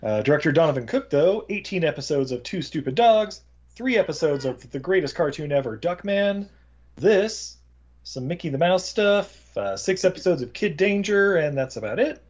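A man's voice: fairly high pitch, expressive, darkish tone. A man hosting a casual movie podcast, joking as he reads through film credits. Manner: joking, rattles off credits quickly. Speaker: podcast host. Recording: dull lo-fi sound.

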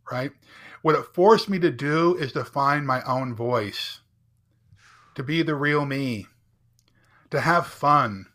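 Middle-aged man, bright tense voice, earnest storytelling, emphatic, keeps asking "right?". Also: mid-range voice. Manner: earnest, emphatic, often asks "right?" to check in. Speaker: podcast guest, entrepreneur and speaker. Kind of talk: personal storytelling in conversation.

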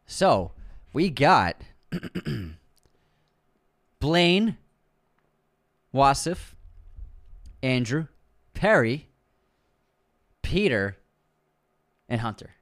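A man's voice: mid-range voice, very animated, very slow, long pauses, fairly bright tone. A man with a Boston accent, co-hosting a podcast in casual chat, enthusiastic and swearing for emphasis. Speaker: podcast co-host.

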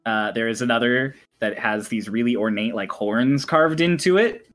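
A man's voice: medium pitch, normal speed, a bit bright, faint music behind. A man running a tabletop game who narrates in a chatty way, laughing often and using many fillers. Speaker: game master.

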